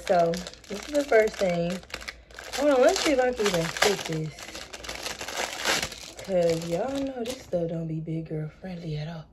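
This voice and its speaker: A woman's voice: medium pitch, a little mellow, a little hiss or hum. A woman vlogging in casual chat, talking to her viewers directly as she unpacks and shows off purchases. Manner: chatty, talks to viewers as y'all.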